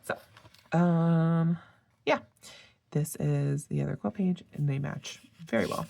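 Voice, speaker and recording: Chatty woman vlogger, tired, very low and gravelly, rambling and casual. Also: steady tone, slow pace, mellow. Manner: chatty, rambling with tangents and fillers. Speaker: planner sticker vlogger. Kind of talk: casual chat.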